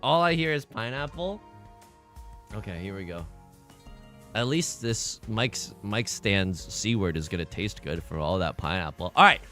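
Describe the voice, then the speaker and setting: With faint music in the background, a young man with a fairly low voice talks a little slowly as he casually comments on his online mahjong livestream. He's excitable and pokes fun at himself, laughing a lot and lurching between loud outbursts and mumbled asides.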